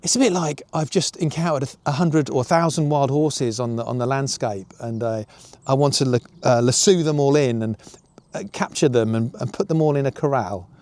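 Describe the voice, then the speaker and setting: A man's voice: mid-range voice, fairly quick, darkish tone. A man talking to camera in a reflective personal vlog, musing and self-questioning, with frequent fillers. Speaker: YouTuber.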